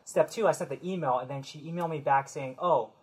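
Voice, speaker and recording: Husky-voiced casual podcast host. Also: medium pitch, fast, darkish tone, poor audio. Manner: rambling, self-correcting storytelling.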